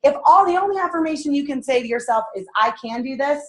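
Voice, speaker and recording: A woman in her thirties leading a motivational sales meeting, animated and laughing as she acts out self-talk. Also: sits high, fast. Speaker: sales team leader.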